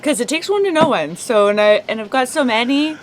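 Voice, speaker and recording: A woman's voice: on the high side, animated, fairly quick. A woman co-hosting a casual chat show, laughing often and musing about human nature. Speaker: co-host. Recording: faint background noise.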